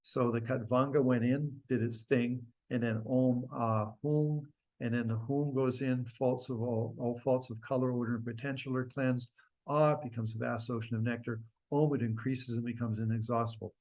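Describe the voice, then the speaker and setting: A man at a middle pitch gives a relaxed, rambling teaching, often restarting his sentences and chanting syllables as he explains. The recording is slightly dull and lo-fi. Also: moderate pace. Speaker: Buddhist teacher.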